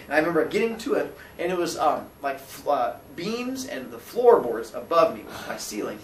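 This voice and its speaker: A man's voice: a little high, animated, brisk, echoey room, far from the mic, a little hiss or hum. A man telling a comic story about his own childhood, acting out the voices of those in it with squeals and laughter.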